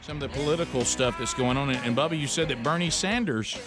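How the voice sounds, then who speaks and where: A man's voice: mid-range voice, fast talker, over music. A man hosting a casual radio talk show, rambling and chuckling, with lots of false starts.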